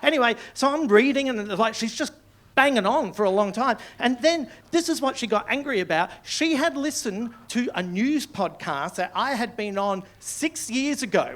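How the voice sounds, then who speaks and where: A man's voice: extremely high pitch, animated, moderate pace, background noise. A middle-aged man doing a rambling stand-up routine in a small comedy club, laughing at his own jokes. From Australia. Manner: rambling, self-interrupting, laughs mid-line.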